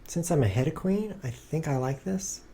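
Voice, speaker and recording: A man streaming himself playing chess, thinking aloud and cracking dry, deadpan jokes in low muttered asides. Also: moderate pace, slight background noise.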